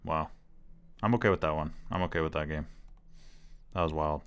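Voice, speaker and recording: A man with a deep, low-pitched voice thinks aloud while playing chess online. He speaks casually and hesitantly, often circling back and hedging his points. He is recorded on a desk mic at a home computer. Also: normal speed, noisy background. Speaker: chess streamer.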